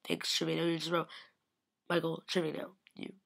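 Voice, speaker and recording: A young woman rambles through a fan-event story in a lowish, fry-heavy voice. She gushes and repeats "like" constantly, jumping into little impressions of the people she met. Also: completely flat delivery, a little fast, fairly bright tone. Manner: acts out quotes in shifting voices. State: slightly sick. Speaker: vlogger. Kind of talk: casual recap of a fan convention.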